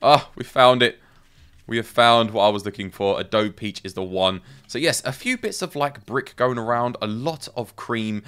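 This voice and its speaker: Mid-pitched male streamer, casual running commentary with playful asides. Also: fairly bright tone. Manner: chatty, thinking aloud, self-talk with playful asides. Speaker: game streamer.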